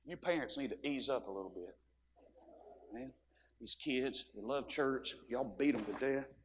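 A man preaching a sermon in a church, folksy, swinging between soft asides and shouting. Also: mid-range voice, moderate pace, big-room sound, slight background noise. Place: church sanctuary.

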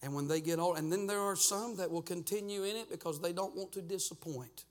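A middle-aged man preaching a revival sermon and altar call in a church, swinging from loud, fervent rhythmic urging to hushed near-whispers. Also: high-pitched, brisk. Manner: fervent, rhythmic preaching with sudden soft drops. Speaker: pastor. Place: church sanctuary.

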